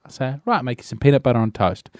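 A man's voice: mid-range voice, lively intonation, quick pace, darkish tone, dry recording, clean studio sound. A young Australian man hosting a breakfast radio show, teasing and mock-dramatic in playful banter.

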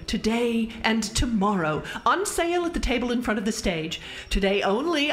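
An actress playing a pushy, self-promoting town busybody in an audio drama, salesy and condescending. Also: female voice, on the high side, a bit bright.

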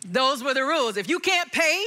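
A woman preaches with a high, bright voice. She tells her story in an animated way that swoops up and down. Then she turns to the lesson. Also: moderate pace. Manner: storytelling, animated, acts out quotes. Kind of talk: sermon with personal story.

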